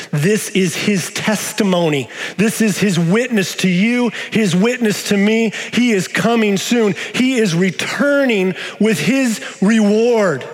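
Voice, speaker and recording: A male pastor delivering a sermon, moving between quiet low stretches and raised, emphatic questions to the congregation. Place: church sanctuary. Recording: long reverb of a large hall.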